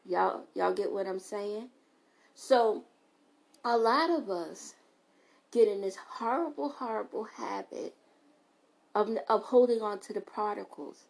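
Animated woman giving a comedic pep talk. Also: mid-range voice, slow pace, gravelly, long pauses, poor audio. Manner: animated, preachy, laughs between lines. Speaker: podcast host. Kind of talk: motivational comedic monologue.

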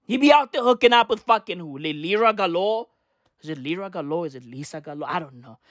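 A man's voice: high voice, expressive, quick pace, a bit bright, no echo, studio quality. A man ranting casually to camera, profane and slangy, rambling with constant rhetorical questions. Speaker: vlogger.

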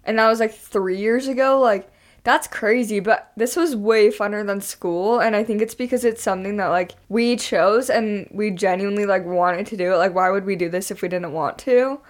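A woman's voice: medium pitch, moderate pace. A young woman co-hosting a casual podcast, upbeat, filling her talk with "like". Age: young adult. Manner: upbeat, says "like" a lot. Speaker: podcast co-host.

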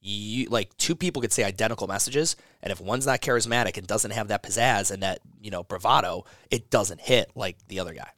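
A man's voice: fairly low pitch, fairly quick, few pauses, a bit bright, dry recording, clean studio sound. A man who runs a gym consulting business talks casually in an interview, rambling with frequent restarts and swearing freely.

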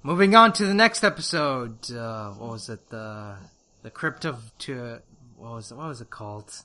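A man co-hosting a casual review chat, animated and often laughing. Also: medium pitch, normal speed. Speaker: podcast co-host.

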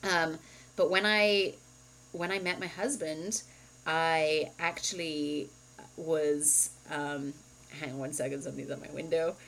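A woman's voice: low voice, fairly even intonation, unhurried, a bit bright, a little hiss or hum, low-quality recording. A woman in her thirties, co-hosting a podcast and candidly telling a personal story in casual chat, full of "like" and "um". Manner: candid, chatty storytelling with frequent "like" and "um". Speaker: podcast co-host.

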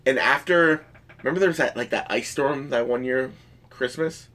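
A man's voice: medium pitch, moderate pace, a bit bright. A man rambling through a story in casual chat, swearing freely.

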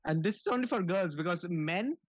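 Brief: young man, podcast co-host, high voice, slow mock-serious delivery, dry close mic. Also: expressive, no room sound. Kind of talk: casual banter.

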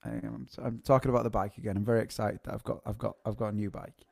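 A man's voice: lowish voice, little pitch movement, fast, gravelly, darkish tone. A man co-hosting a live music show, chatting casually and laughing his way through a rambling story. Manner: rambling, repeats words as he restarts.

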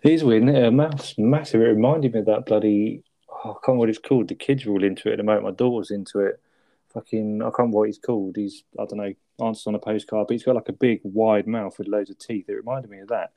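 Man, dark mellow voice, laughs a lot, casual film chat, dry sound. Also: fairly low pitch, fairly even intonation, fast talker, no echo. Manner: laughs often, asks for agreement. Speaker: podcast co-host.

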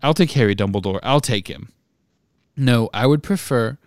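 A man reading aloud and voicing a panicked older male official who speaks loudly. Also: mid-range voice, normal speed, dry recording, clean studio sound, lightly acted. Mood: alarmed. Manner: loud, alarmed exclamations.

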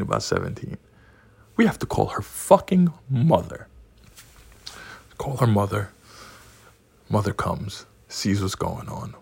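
A man's voice: on the low side, darkish tone. A man in his forties telling a profane, rowdy personal story and laughing at his own punchlines. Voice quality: gravelly, husky voice.

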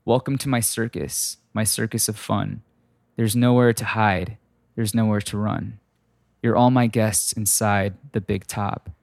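A creepy clown doll, wheezing and grinning, as a man puts it on in a low, hushed sing-song. The voice sits deep and soft. It is dry and close. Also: steady tone, measured pace, creaky, no echo. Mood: sinister. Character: sinister wheezing male clown doll, menacing.

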